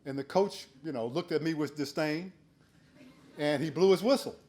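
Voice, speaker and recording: A man in his sixties giving a keynote speech, telling a folksy story and becoming animated when he acts out shouted quotes. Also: a little high, moderate pace. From United States. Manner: earnest and urging in advice. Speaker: keynote speaker.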